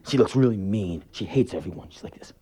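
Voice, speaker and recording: A man's voice: fairly low pitch, lively intonation, brisk, mellow, breathy edge. A man telling sarcastic, profane anecdotes in a live spoken word performance.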